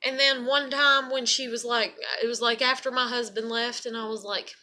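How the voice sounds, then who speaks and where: A woman's voice: on the high side, steady tone, moderate pace, few pauses, bright, forceful tone, slight background noise. A woman, venting to camera in a profane, repetitive rant. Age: adult parent. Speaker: vlogger. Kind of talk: emotional venting monologue.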